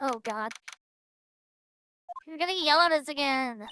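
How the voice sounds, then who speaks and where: A woman's voice: high-pitched, animated, a little slow, pushed and bright, a little hiss or hum. A woman streamer giving playful, joking commentary while playing a game, with swearing. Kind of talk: game let's play commentary.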